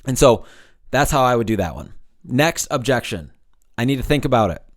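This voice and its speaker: Man, podcast host, sales coaching, direct, energetic, mid pitch. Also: normal speed. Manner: energetic, direct, frequent "okay?" and "right?" check-ins. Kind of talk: solo coaching talk.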